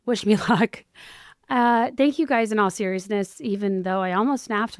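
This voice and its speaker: A woman in her thirties with a hoarse voice, hosting her own podcast in a chatty, self-deprecating, rambling way. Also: a little high, a little slow, no room sound, studio quality. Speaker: podcast host. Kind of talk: casual solo podcast chat.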